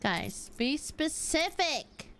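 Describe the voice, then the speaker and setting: A woman livestreaming a game with a fairly high, very lively voice. She talks to her viewers at an easy, drawn-out pace, breaking into excitable yelps and cursing at the screen. Casual, unfiltered stream chat. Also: noisy background. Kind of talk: live gaming stream chat.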